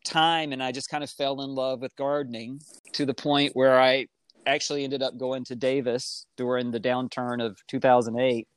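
A middle-aged man telling his life story in casual conversation, animated and acting out the voices he quotes. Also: normal speed, clear, resonant tone, no room sound. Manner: animated, acts out quoted voices with big pitch jumps.

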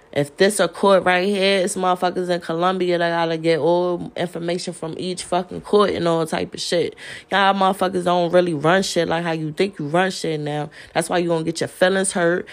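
A woman ranting on a podcast, profane and confrontational, laughing between jabs. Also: lowish voice. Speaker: podcast host. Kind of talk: heated solo rant.

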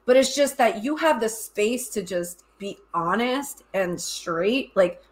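A woman's voice: mid-range voice, expressive, slow pace. A woman co-hosting a podcast who talks in an effusive, self-deprecating way and laughs often, in a casual chat. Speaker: podcast co-host.

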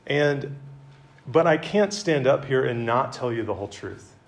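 A man giving a conversational sermon to a campus group, with self-deprecating humor and a relaxed, chatty delivery. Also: medium pitch, unhurried. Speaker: campus ministry speaker. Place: meeting room with an audience.

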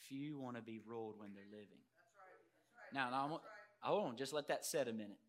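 A man preaching a sermon as pastor, emphatic, swinging from loud declarations to quiet earnest asides and putting questions straight to the congregation. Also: mid-range voice, moderate pace. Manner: addresses congregation directly with rhetorical questions.

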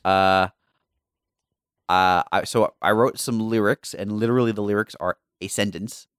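A man's voice: on the low side, fairly even intonation, normal speed, a bit bright, clean tone, no room sound, clean studio sound. A man hosting a casual gaming podcast, jokey and self-deprecating, often stumbling and restarting his sentences. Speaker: podcast host.

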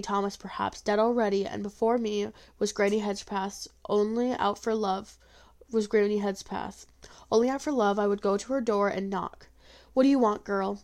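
A woman reading a first-person folk tale aloud, expressive, with small slips and restarts. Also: mid-range voice, moderate pace.

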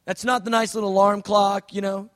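A man preaching a sermon, dramatic, swinging between shouts and hushed tones. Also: high-pitched, level tone, fairly quick.

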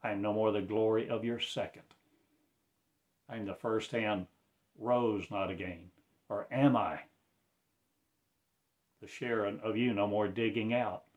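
A man delivering a rambling prophetic monologue in a slow, incantatory way, breaking into loud proclamations. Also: fairly low pitch, narrow, tinny audio.

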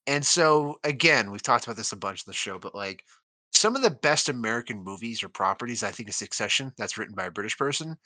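A young man co-hosts a laid-back movie podcast, talking in an animated, joking way and laughing easily. His voice is very bright, and his pitch swings widely. The sound is dry and close. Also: fast talker, no echo. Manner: animated, laughs often, jokey. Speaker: podcast co-host. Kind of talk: casual film podcast chat.

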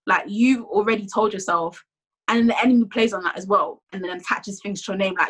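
A young woman recounts her faith testimony in a candid, conversational way. Her voice is bright and clear. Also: medium pitch, fairly quick, low-quality recording.

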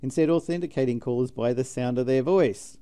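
A man's voice: mid-range voice, brisk, mellow, smooth. A middle-aged man co-hosting a tech podcast, reading news aloud with jokey asides. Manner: jokey, drops in silly sound effects.

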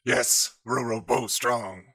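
A man doing a slow, dim hill giant. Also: medium pitch, fairly even intonation, sharp tone, husky, no echo, pitched above the performer's own voice, exaggerated voice. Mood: proud. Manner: slow, simple broken speech. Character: huge slow-witted male hill giant chief.

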